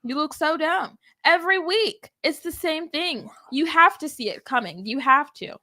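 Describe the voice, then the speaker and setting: A woman's voice: moderate pace, no echo. A woman co-hosting a wrestling podcast, recapping the show in casual chat and acting out quoted lines in a raised voice. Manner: animated, acts out quoted lines in high voices. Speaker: podcast co-host.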